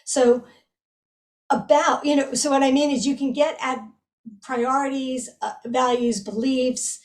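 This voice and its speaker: A woman being interviewed as a researcher, explaining her work in a measured way with frequent fillers. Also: high-pitched, fairly even intonation, distant mic. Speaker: guest researcher. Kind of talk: academic interview.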